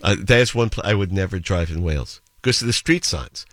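Low-voiced chatty male radio host. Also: expressive, a little fast, fairly bright tone, no echo. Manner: chatty anecdotes, slips into playful accent imitations. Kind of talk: casual radio chat and storytelling.

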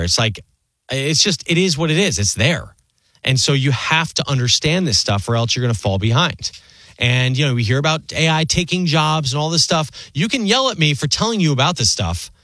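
A man in his forties hosts a radio talk show, his pitch swinging widely as he riffs and throws out rhetorical questions. The studio mic sounds close and dry, with no room behind him. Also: dry recording. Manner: animated, conversational, rhetorical questions.

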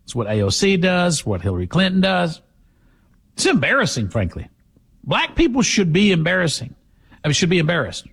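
A man's voice: high-pitched, huge pitch swings, a little fast, gravelly, a bit bright, breathy edge. A man hosting a talk show, giving sarcastic, emphatic opinion commentary.

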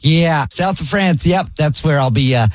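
A man's voice: fairly high pitch, normal speed, no room sound. Male radio host, prank caller, dry close sound, straight-faced and teasing. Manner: calm, teasing, laughs often. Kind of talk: deadpan prank phone call.

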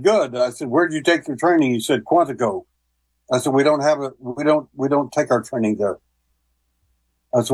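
A man's voice: mid-range voice, darkish tone, breathy edge, dry recording, poor audio. A man telling long stories as a guest on a call-in radio talk show, with many fillers and restarts. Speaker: guest, paranormal investigator. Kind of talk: casual radio interview.

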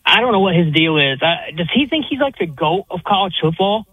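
A man's voice: sits high, big pitch swings, brisk, breathy edge, dry recording. A man calling in to a sports talk radio show, heated and exasperated as he gives his opinions. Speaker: caller. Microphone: phone. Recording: dry tinny phone line.

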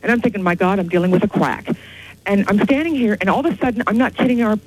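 A woman phones in to a late-night radio show with a husky, breathy voice. She tells her story in an excited, rambling rush, one thing tumbling after another. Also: medium pitch, fast, poor audio. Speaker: caller.

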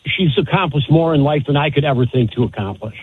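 A man calling in to a radio show, speaking heartfelt and steady about his family. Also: on the high side, fast talker, husky. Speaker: caller. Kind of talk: phone-in call. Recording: phone line.

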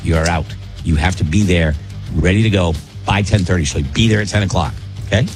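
Male radio host, deep voice, plainspoken, faint background music. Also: a little fast. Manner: blunt, opinionated, plainspoken. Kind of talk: casual radio banter.

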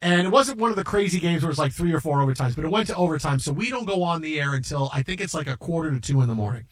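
A middle-aged man hosting a sports radio show, telling stories in an animated, rambling way with many restarts. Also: fairly high pitch, very fast. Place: radio studio.

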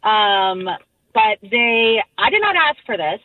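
Female phone caller, dry tinny line, lively voice, matter-of-fact. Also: fairly high pitch, slow pace, no echo.

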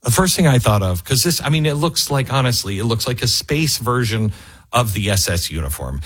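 A man's voice: medium pitch, expressive, fairly quick, fairly bright tone, husky, no echo. A man hosting a casual commentary monologue, wry and sarcastic, with many fillers and restarts, recorded close in a dry room. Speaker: talk show host.

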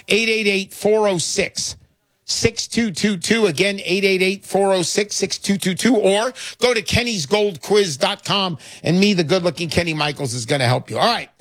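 A man's voice: sits high, fairly bright tone, no room sound. A man hosting a call-in talk show, selling gold with brash, pushy salesman patter. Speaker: radio show host.

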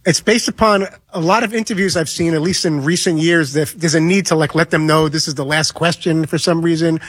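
A man on a sports radio show venting about a small pet peeve in casual, quick talk. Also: a little high, steady tone, husky, no echo.

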